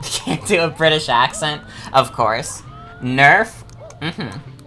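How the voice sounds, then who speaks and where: A woman's voice: low voice, lively intonation, slow pace, sharp tone, soft background music. A woman streaming a game, chatting and joking casually with her chat and swearing freely. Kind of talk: casual gameplay commentary.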